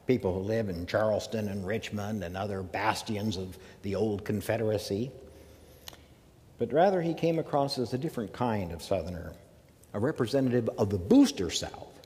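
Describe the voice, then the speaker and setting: A man from the American South giving a measured academic lecture, with emphatic phrasing and pauses. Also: fairly low pitch, a little mellow, big-room sound. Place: lecture hall.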